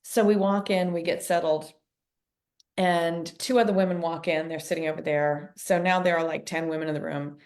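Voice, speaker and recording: A woman's voice: on the low side, fairly even intonation, normal speed, a little mellow. A middle-aged woman co-hosting a podcast, telling a long story in a chatty way and acting out the voices she quotes. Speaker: podcast co-host. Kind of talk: casual chat, storytelling.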